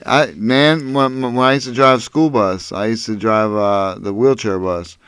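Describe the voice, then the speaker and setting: A man's voice: lowish voice, steady tone, measured pace, a bit bright, smooth, no room sound. A man co-hosting a podcast in casual chat, full of profane, joking banter. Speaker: podcast co-host.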